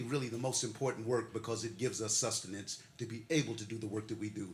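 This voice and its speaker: Over a loud crowd, an older man with a lowish voice delivers an emotional, heartfelt awards acceptance speech, speaking fast with fairly even intonation. He laughs while talking and drives his points home through repeated, sermon-style phrasing. The recording comes from a ceremony hall that sounds echoey, with faint noise.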